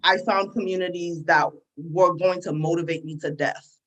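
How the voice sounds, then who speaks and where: A woman's voice: on the low side, steady tone, moderate pace, fairly bright tone, low-quality recording. A woman from Sierra Leone with an American accent, answering interview questions in an earnest, conversational way. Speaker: guest entrepreneur.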